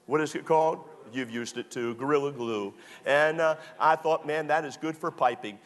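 A man's voice: on the high side, normal speed. A middle-aged man, a pastor telling self-deprecating stories in a sermon, full of fillers and restarts. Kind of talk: storytelling sermon.

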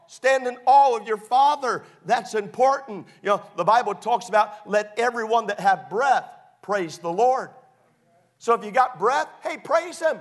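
High-pitched preacher guy, middle-aged, gets loud and emphatic then tells goofy stories. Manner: animated preaching, rising to emphatic shouts; folksy storytelling with humor. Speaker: pastor. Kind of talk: sermon.

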